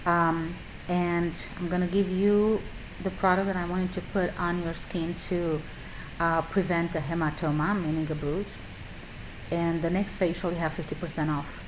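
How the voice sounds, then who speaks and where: Animated middle-aged immigrant woman, emphatic. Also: fairly low pitch, normal speed, background noise. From a communist country. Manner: animated, emphatic, slightly non-native grammar. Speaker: esthetician and skincare business owner. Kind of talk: casual storytelling advice.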